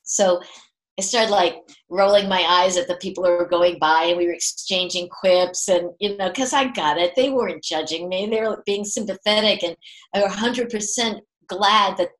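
A woman's voice: mid-range voice, moderate pace, rough recording. An older woman giving parenting advice, telling a personal story in casual conversation, laughing often and acting out the voices she quotes.

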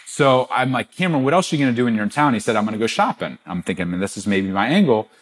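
A middle-aged man, a podcast guest, telling a business story with animated quoted dialogue. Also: mid-range voice, very fast. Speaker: guest, gift-giving business founder.

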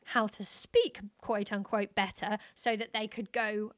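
A woman's voice: medium pitch, fairly even intonation, a little slow, no echo, studio quality. A woman in a casual discussion, wry and opinionated, with joking asides.

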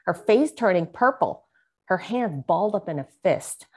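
A guest author from San Francisco, USA, reads from her memoir and discusses it, mixing reading with conversation and earnest, vivid emotional emphasis. Her voice is lowish and a little mellow with a breathy edge, lively intonation and normal speed.

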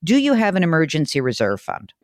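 This is a woman hosting a finance call-in show, blunt and animated, ready to poke fun at herself. Her voice is very dry and close, with no room sound. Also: low voice, a little fast, dry recording. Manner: blunt, animated, self-deprecating. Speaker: radio finance show host. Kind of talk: talk radio chat and rant.

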